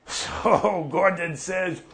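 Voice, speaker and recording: An actor playing an older farmer off the drink who tells profane, folksy stories. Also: male voice, high voice, drawn-out words, fairly bright tone, heavily acted. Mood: rambling. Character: older male prairie farmer off the drink, gruff storyteller. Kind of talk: monologue.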